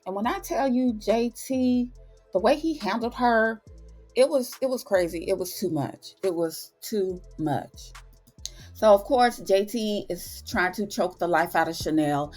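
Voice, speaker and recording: A woman's voice: mid-range voice, normal speed, a little mellow, soft background music. A woman hosting her own review channel, chatting through a TV episode recap with dramatic retellings and slangy asides. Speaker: TV and film review channel host.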